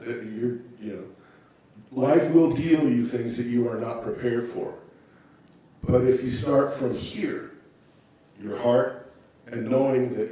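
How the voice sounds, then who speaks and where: A man in his sixties tells his own story to a congregation with calm, unhurried reflection. His voice bounces around a very echoey church room, picked up from some distance off the mic. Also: medium pitch. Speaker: guest speaker. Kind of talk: personal testimony. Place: church sanctuary.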